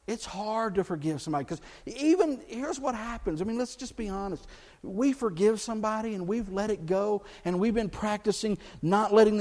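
A male pastor preaching a sermon in church, earnest, rising for emphasis and dropping low and soft on key points.

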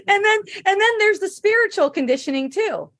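A woman's voice: extremely high pitch, animated, moderate pace, a bit bright, no room sound, studio quality. A middle-aged woman hosting a casual spiritual chat, reading viewer comments aloud, laughing often and swearing freely.

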